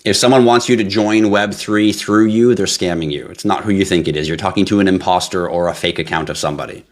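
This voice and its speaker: A man's voice: deep voice, fast talker. A man hosting a crypto livestream, talking bluntly in a casual rant, swearing freely and squealing when he mocks panicky scam victims. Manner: blunt, profane, ranting.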